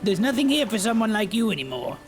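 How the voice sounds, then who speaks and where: A man voicing a hunched, wary woman in a video game who warns a stranger away, in a strained falsetto. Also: very animated, fast talker, music in the background.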